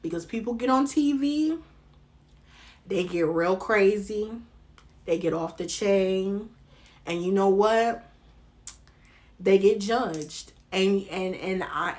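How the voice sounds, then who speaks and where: Animated Southern American woman commentator. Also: mid-range voice. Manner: animated, slangy, talks straight to the viewer. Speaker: reality TV commentator. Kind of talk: casual commentary vlog.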